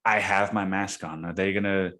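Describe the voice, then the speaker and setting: A young man hosting a podcast, telling a story in casual chat, swearing a lot and calling the listener dude and man, and acting out quoted people with sudden high yells. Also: fairly even intonation, moderate pace. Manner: profane, slangy, says dude and man a lot; acts out quoted voices with sudden high yelling. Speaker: podcast host.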